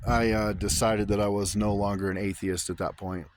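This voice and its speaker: A man tells a story to the camera from outdoors, rambling and earnest, with many restarts. His voice is very deep and stays flat. Loud background noise runs under the recording. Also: normal speed. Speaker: vlogger. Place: outdoors under an open sky.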